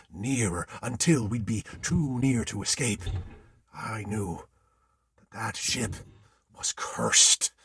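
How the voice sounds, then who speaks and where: A man spins a ghost tale in the manner of an old sailor at sea. His voice is gravelly and very husky, and it swoops widely in pitch. The dry, close sound keeps the theatrical telling intimate. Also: dry recording. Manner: old-time sailor's speech, theatrical delivery. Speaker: storyteller. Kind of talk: dramatic ghost story narration in character as an old sailor.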